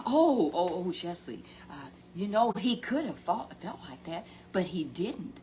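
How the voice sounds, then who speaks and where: A woman telling a Bible story in a folksy, animated way, often exclaiming and addressing a companion by name. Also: medium pitch, normal speed, few pauses, a little hiss or hum.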